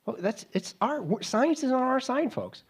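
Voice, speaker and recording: A man's voice: very high-pitched, lively intonation, normal speed, breathy edge. A male pastor preaching an emphatic sermon with sarcastic, mocking asides.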